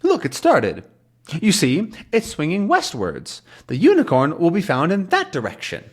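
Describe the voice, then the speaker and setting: A man voicing an absent-minded elderly male professor who rambles about his pendulum in a high, earnest voice. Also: huge pitch swings, moderate pace, exaggerated voice. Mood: insistent.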